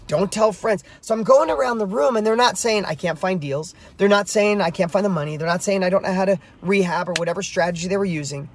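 A man's voice: sits high, fast talker, hardly any pauses. A middle-aged man, a real estate coach, telling a story to camera while driving, emphatic and fired up.

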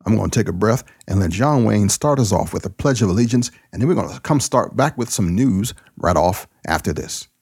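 A man who preaches, hosting his own podcast in a casual solo monologue, talking in a folksy, joking and excitable way. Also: lowish voice, fairly quick, few pauses, husky.

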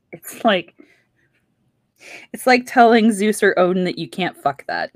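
A woman's voice: mid-range voice, lively intonation, measured pace, long pauses, dry recording. Irreverent woman retelling a myth. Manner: irreverent, profane, laughs often. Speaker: podcast host. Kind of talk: casual comic retelling of a myth.

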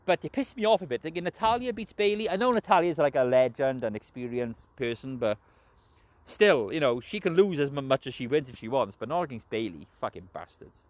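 Mężczyzna z brytyjskim akcentem, który luźno i chaotycznie omawia wrestling, dużo przeklina i często się śmieje. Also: male voice, medium pitch, lively intonation, fairly quick. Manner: heavy swearing, rambling, laughs often. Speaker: wrestling show reviewer. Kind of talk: casual spoken recap and opinion.

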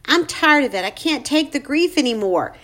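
Weary grieving older mother, read by a woman narrator, low sorrowful delivery. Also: lively intonation, moderate pace, fairly bright tone.

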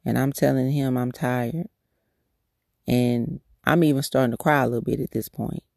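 Woman host, devotional testimony, earnest and candid, gravelly voice, dry close sound. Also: rumbling low, steady tone, normal speed, a little mellow, no room sound. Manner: candid, earnest storytelling with restarts. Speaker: podcast host.

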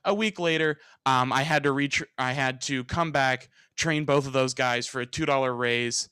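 A young man hosting a podcast, telling a long, animated workplace story in a casual chat and acting out what people said. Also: mid-range voice, normal speed, smooth, dry recording. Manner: animated, rambling storyteller who acts out quotes and swears freely. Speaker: podcast host.

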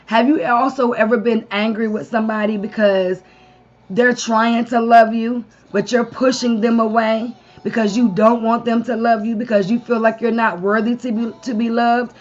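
Brief woman preacher, slightly high, lo-fi stream. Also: little pitch movement, moderate pace, darkish tone. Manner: call-and-response preaching with frequent amens and long spoken lists. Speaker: preacher leading a live-streamed devotion. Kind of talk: sermon.

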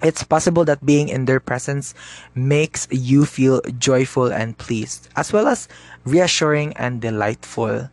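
A man's voice: medium pitch, a little slow, darkish tone, dry recording. A man with a Cebuano accent hosting a podcast, talking to listeners in a chatty, casual way and mixing Cebuano into his English. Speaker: podcast host.

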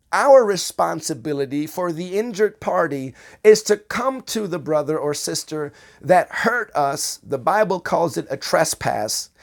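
A man giving a slow, conversational bible teaching, repeating phrases for emphasis. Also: high voice, vocal fry. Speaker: preacher.

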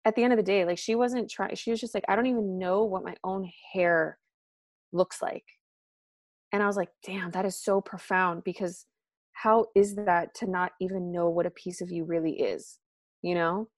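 A woman talking casually as a podcast guest, animated and full of "like" and "um", acting out what her friends said. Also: brisk, dry recording, studio quality. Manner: animated, acts out quoted friends with pitch jumps; filler-heavy, frequent "like" and "um". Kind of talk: casual conversation.

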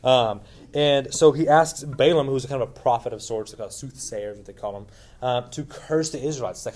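A man's voice: medium pitch, fairly quick, a little mellow. A man teaching a Bible lesson in a casual, informal way, retelling a story with lots of asides and questions to his listeners.

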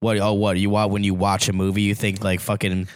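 A man on a podcast talking in an animated way, swearing heavily and repeating himself as he works out his point. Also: lowish voice, quick pace. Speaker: podcast co-host. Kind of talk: casual podcast chat.

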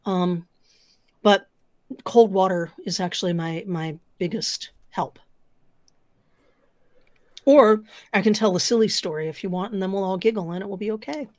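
A woman's voice: mid-range voice, normal speed, long pauses, dry recording. A woman storyteller telling spooky stories on a podcast, building suspense and dropping to whispers. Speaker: storyteller guest.

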